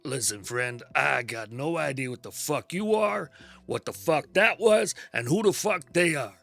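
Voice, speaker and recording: A man's voice: a little high, expressive, unhurried, vocal fry, fairly bright tone, soft background music. A man playing a tabletop game who talks in a brash, profane way, both in and out of character. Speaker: player. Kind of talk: tabletop role-play, in and out of character.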